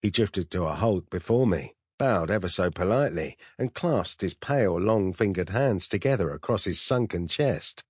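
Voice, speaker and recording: A man reading a first-person story aloud in a dry, wry, measured way. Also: low voice, expressive, darkish tone, breathy edge, dry recording. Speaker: audiobook narrator. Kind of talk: first-person scripted narration.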